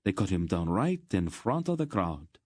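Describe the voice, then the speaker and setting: A man's voice: sits low, sing-song, moderate pace, darkish tone, no echo, studio quality. A man voicing a frightened male merchant who means to hide and flee. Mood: fearful.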